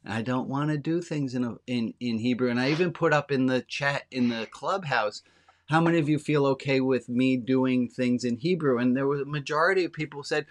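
A man, a rabbi, giving an informal sermon to his congregation, talking candidly and slowing down to stress the lines that matter. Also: mid-range voice.

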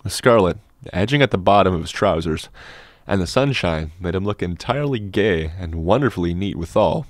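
A man narrating a classic novel as an audiobook in a measured, steady storytelling manner, close on a studio mic. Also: low-pitched, no room sound. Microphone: dynamic studio microphone.

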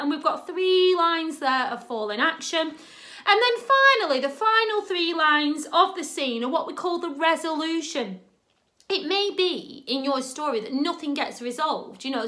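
A woman teaching a drama and writing lesson, chatty and animated, often checking in with "okay?". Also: high voice. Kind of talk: instructional talk.

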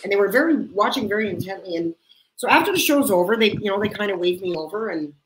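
A woman's voice: mid-range voice, animated, fast talker, roomy sound, low-quality recording. A woman from Canada hosting a casual chat, telling stories and laughing often. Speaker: host.

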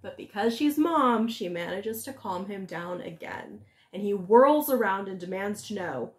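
A woman's voice: mid-range voice, measured pace, few pauses. Woman telling a fairy tale casually. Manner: lively, conversational. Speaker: storyteller. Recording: echoey room.

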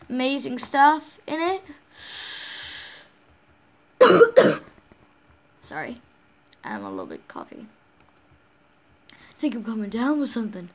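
A woman's voice: high-pitched, bright, forceful tone. A woman hosting a casual game walkthrough, rambling along with frequent restarts and self-corrections. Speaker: game channel host.

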